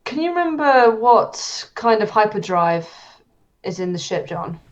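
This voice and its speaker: A woman's voice: medium pitch, sing-song, measured pace. A woman playing a tabletop game, stating her character's actions plainly. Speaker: player. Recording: dull lo-fi sound.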